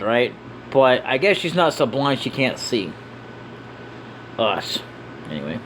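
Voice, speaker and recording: A man's voice: medium pitch, big pitch swings, unhurried, pauses often, fairly bright tone, slight background noise, rough recording. A man doing casual let's-play commentary, reading every character's game dialogue aloud with joking, off-hand asides.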